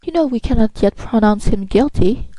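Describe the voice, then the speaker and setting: Woman reader doing a formal young lawyer man, measured, dry close sound. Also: a little high, lively intonation, mellow, no room sound, poor audio. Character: stern young male crown prosecutor.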